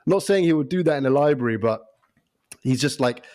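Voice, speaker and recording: A man co-hosting a podcast in casual chat, animated and laughing often. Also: medium pitch. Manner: animated, laughs often, does quick impressions. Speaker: podcast co-host.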